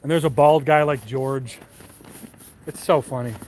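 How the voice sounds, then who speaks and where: A man's voice: mid-range voice, unhurried, a little mellow, a little hiss or hum. A young man live streaming while walking a city street at night, chatting casually and profanely with his viewers. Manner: rambling and profane.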